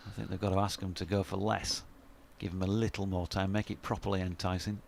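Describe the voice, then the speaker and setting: An English man chats beside the main caller in a musing, anecdotal way, full of rhetorical questions. His voice is slightly low. Faint ground ambience sits under him in the commentary box. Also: little pitch movement, fast talker, vocal fry, a little hiss or hum. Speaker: cricket co-commentator. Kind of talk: conversational co-commentary.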